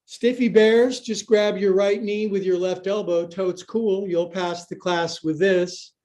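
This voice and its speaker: A man's voice: high-pitched, little pitch movement, measured pace, darkish tone. A male yoga teacher leading a live-streamed class, cueing poses with playful jokes and sometimes out of breath.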